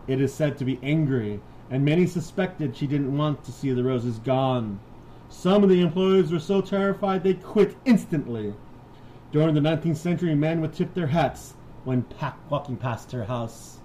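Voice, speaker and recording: A man's voice: fairly high pitch, moderate pace, warm tone, slight background noise, rough recording. A man co-hosting a comedy podcast, reading ghost stories and joking crudely. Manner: crude, joking, laughs often. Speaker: podcast co-host. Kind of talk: casual comedic chat and reading.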